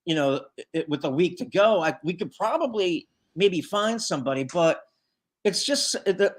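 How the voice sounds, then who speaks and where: A man's voice: sits high, animated, moderate pace. A man who leads a tribute band, guest on a live show, telling a long story in a loose, rambling way with lots of fillers and acted-out quotes. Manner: rambling, full of fillers, acts out quoted lines. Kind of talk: casual storytelling in a live interview.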